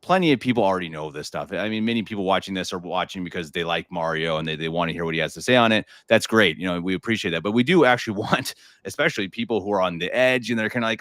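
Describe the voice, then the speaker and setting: A man's voice: deep voice, quick pace, a bit bright, no echo. An American man hosting a live podcast, talking casually with lots of fillers and repeated words. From United States. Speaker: podcast host.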